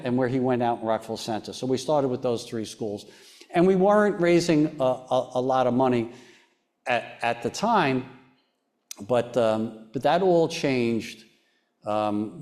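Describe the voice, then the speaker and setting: A man, a foundation chairman interviewed on stage, telling a personal story in an earnest, halting way, often restarting and sometimes dropping very quiet. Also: mid-range voice.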